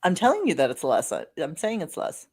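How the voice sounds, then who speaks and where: A woman with a slightly low voice hosts a live stream in casual chat. She talks in a chatty, teasing way and reads comments from viewers aloud. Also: huge pitch swings, fairly quick, darkish tone. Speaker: podcast host.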